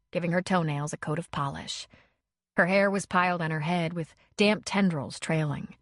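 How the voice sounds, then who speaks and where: A woman reading an audiobook in measured, expressive narration. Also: lowish voice, no echo, clean studio sound. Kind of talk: scripted narration.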